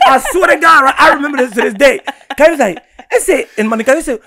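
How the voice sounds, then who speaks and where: A young man from Guinea, a podcast guest telling a story in casual chat, animated and laughing, often checking in with "right?". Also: very high-pitched, fast talker, few pauses.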